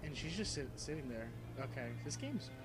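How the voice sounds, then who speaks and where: A man's voice: fairly high pitch, big pitch swings, moderate pace, music in the background. A man co-hosting a gameplay video, mocking the game and reading its lines in mock-dramatic voices. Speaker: co-host playing a video game. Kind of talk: casual game commentary, reading dialogue aloud.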